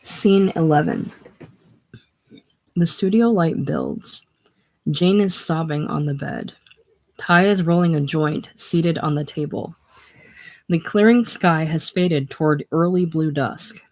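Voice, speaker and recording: A reader calmly reading narration and stage directions in a casual play reading. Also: mid-range voice, slow, long pauses.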